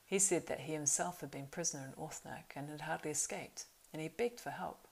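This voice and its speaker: A woman's voice: low-pitched, fairly quick, creaky, slight background noise, poor audio. A woman voicing a proud young male horse-lord marshal in an audiobook reading, earnest and urgent. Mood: grave.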